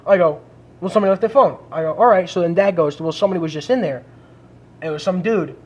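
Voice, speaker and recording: This podcast co-host has a high, husky voice and speaks quickly. His casual, foul-mouthed storytelling comes alive as he voices each character in the tale.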